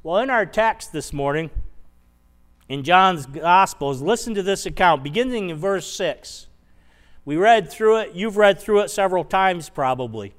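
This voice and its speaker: A man's voice: high voice, expressive, measured pace. A man preaching a sermon, retelling a scripture passage conversationally and asking the congregation rhetorical questions. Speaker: pastor.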